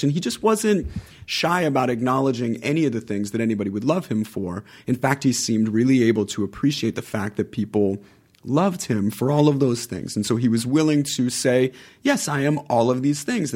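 Gravelly-voiced man telling lively anecdotes. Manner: lively storyteller, acts out quotes with raised pitch and laughs. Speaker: podcast guest, actor. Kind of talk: casual anecdotal chat.

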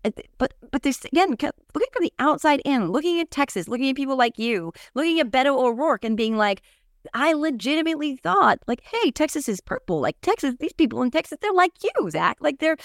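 A woman's voice: sits high, no room sound, studio quality. A woman hosting a podcast, chatting casually and expressively about politics, with frequent fillers and restarts. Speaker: podcast host.

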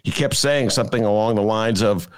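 A man hosting his own podcast from home, delivering sarcastic political commentary in a lively, animated way. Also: fairly low pitch, brisk, clear, resonant tone. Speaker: podcast host. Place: home apartment.

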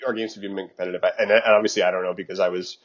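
A man's voice: low-pitched, flat delivery, racing. A young man co-hosting a podcast, cracking jokes and cutting in during casual banter. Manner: jokey, interrupting. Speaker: podcast co-host.

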